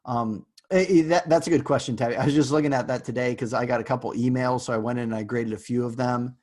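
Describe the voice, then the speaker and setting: A man teaching a university class over a video call, talking loosely with fillers and little jokes. His voice sits at an ordinary middle pitch and he drifts into quick asides. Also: steady tone, darkish tone. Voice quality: casual, joking, rambling with fillers. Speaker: university lecturer. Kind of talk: online lecture.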